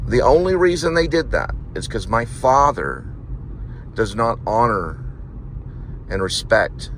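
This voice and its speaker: A low-voiced man of around fifty from Texas rants and rambles from topic to topic as he drives his delivery route. His talk is blunt and full of swearing. The steady hum of the car and road sits clearly behind him. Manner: ranting, profane, jumps between topics. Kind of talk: rambling talk while driving. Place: inside a car.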